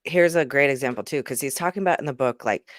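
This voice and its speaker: A man's voice: medium pitch, fast talker, a bit bright, no echo, studio quality. A man co-hosting a casual talk, earnestly giving everyday examples and quoting what people say. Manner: earnest, gives everyday examples, quotes others. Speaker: co-host, parent. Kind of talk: casual conversational chat.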